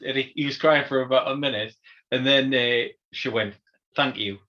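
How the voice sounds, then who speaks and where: A man's voice: medium pitch, fairly even intonation, brisk, pushed and bright. A man co-hosting a casual podcast, telling stories with animation and acting out quoted voices. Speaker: podcast co-host. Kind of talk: casual chat and storytelling. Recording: dull lo-fi audio.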